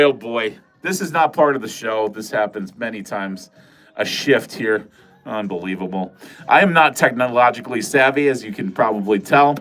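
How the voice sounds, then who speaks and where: A man's voice: on the low side, sing-song, normal speed, a bit bright. Rambling, joking man streaming live from home. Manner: rambling, self-mocking, joking and profane. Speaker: livestream host. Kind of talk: casual livestream chat with viewers. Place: corner of a home filming room.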